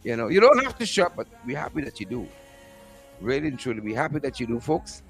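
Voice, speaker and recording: A man with a Guyanese accent hosting a live stream from outdoors, repeating upbeat shout-outs to his viewers by name. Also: mid-range voice, big pitch swings, quick pace, vocal fry, faint music behind. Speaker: host.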